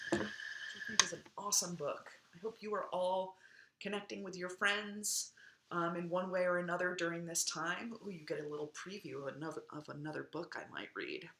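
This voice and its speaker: A young woman reading a children's picture book aloud as a storytime reader, in an expressive, sing-song storytelling manner. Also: lowish voice, gravelly, a little hiss or hum. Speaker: storytime reader for a parks department.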